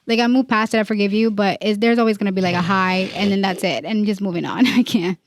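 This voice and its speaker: A woman's voice: mid-range voice, fast talker. A woman in her thirties co-hosting a podcast, telling stories in a rambling casual way. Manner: storytelling, rambling restarts with "like" and "you know". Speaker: podcast co-host. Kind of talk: casual chat.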